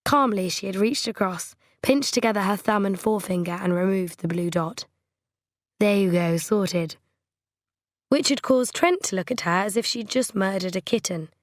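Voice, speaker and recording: A woman narrates a novel in a measured, gently wry way. Her voice sits at a middle pitch. The recording is dry, with no room sound. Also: expressive, no room sound. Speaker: audiobook narrator. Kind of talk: scripted narration.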